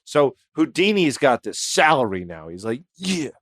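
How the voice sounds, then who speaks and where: A man's voice: medium pitch, sing-song, normal speed, fairly bright tone, dry recording, studio quality. A man co-hosting a comedic history podcast, telling the story in loose, joking banter. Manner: jokey, slips into silly put-on voices while retelling. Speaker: podcast co-host.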